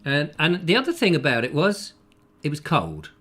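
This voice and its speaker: A man's voice: fairly high pitch, huge pitch swings, moderate pace, a bit bright, slightly rough. A man hosting a comic live chat show from a room in a house, telling stories in a rambling, jokey way with many fillers. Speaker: show host.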